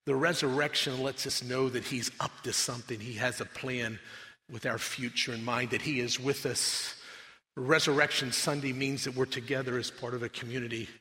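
A man's voice: fairly even intonation, normal speed. A man preaching a sermon as pastor in a church, talking casually to his congregation with some restarts. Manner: conversational, then reads scripture aloud louder and higher. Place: church sanctuary. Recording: long hall reverb.

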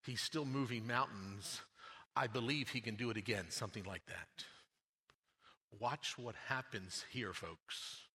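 A pastor giving a sermon, swinging between raised emphatic lines and quiet low asides. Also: male voice, measured pace, breathy edge. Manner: preaching with dramatic swings in pitch and loudness. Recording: long hall reverb.

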